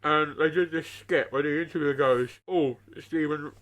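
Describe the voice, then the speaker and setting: Deadpan man cracking dry jokes. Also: fairly high pitch, a little fast, a crowd in the background, poor audio. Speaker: podcast co-host. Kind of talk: casual chat.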